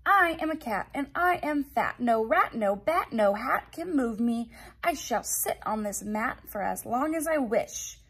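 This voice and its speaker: A woman's voice: fairly high pitch, lively intonation, unhurried, fairly bright tone, breathy edge, heavily acted. A woman voicing a smug, stubborn fat male cat in a read-aloud children's storybook. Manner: lazy, self-satisfied retorts.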